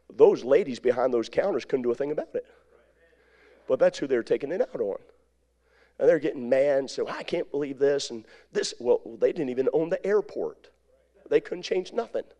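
An evangelist spins a homespun story as a sermon. His voice is dark and mellow at a middling pitch, and he rambles along, circling back with repeats and little asides. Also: highs cut off. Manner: folksy, rambling, with repetitions and asides.

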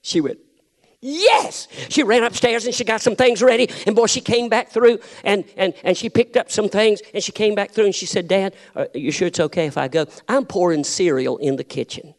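A middle-aged man, preaching a sermon, telling a family story and building up to shouted challenges. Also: high-pitched, a little fast, few pauses.

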